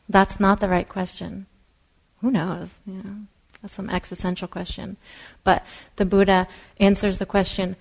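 A woman meditation teacher giving a dharma talk in a soft, unhurried way, sometimes dropping to a whisper. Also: medium pitch, flat delivery, creaky, rough recording. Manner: soft-spoken, drops to a whisper at times.

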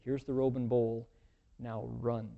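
A man voicing an aging master who passes on his teaching calmly and decisively. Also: mid-range voice, measured pace, narrow, tinny audio, lightly acted. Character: aging wise male master, calm and decisive.

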